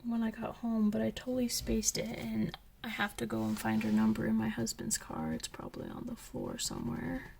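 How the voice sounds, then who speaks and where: A young woman and coloring channel host chatting casually as she tells a story, slipping into whispers when excited. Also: fairly high pitch, moderate pace, gravelly, few pauses, slight background noise. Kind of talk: casual chat while coloring.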